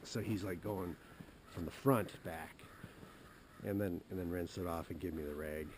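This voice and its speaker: A man with a very low voice tells a casual story outdoors in the woods, rambling and halting, often restarting his sentences. Faint outdoor ambience hangs behind him. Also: noisy background. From Wisconsin. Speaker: hunting show host.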